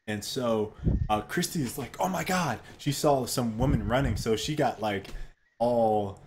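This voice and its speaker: Animated storytelling man, swearing. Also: medium pitch, measured pace, background noise. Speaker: co-host. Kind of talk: casual chat.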